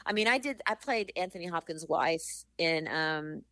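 A middle-aged woman, an actress and author, telling animated stories in an interview and acting out the people she quotes. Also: low voice, moderate pace, no echo. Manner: animated storyteller, acts out quotes. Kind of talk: interview conversation.

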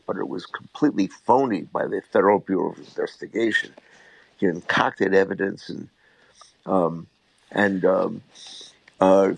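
An older man, a defense attorney, answering interview questions in a measured, emphatic way. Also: on the low side, dry recording, low-quality recording.

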